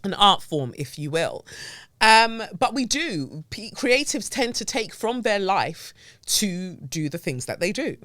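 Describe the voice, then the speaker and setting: A woman chats on her solo podcast, sliding happily from one tangent to the next. Her voice is bright and forward, sitting in the middle of the range. The sound is dry and close, recorded at a mic near her face in a home office. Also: mid-range voice, sing-song, unhurried, dry recording. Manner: chatty, digressive, playful. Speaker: podcast host. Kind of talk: casual solo podcast chat. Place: home office with window blinds up. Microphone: mic on a stand close to her face.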